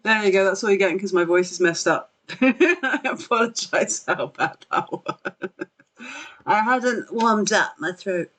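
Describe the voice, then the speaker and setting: A rambling livestream podcast host talking about games, full of ums and self-deprecating asides. The voice sits at a middle pitch, with soft music playing faintly behind. It sounds like a home streaming setup with a desk mic. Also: unhurried. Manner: rambling, filler-heavy, self-deprecating laughs. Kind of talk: casual livestream chat. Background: faint background music.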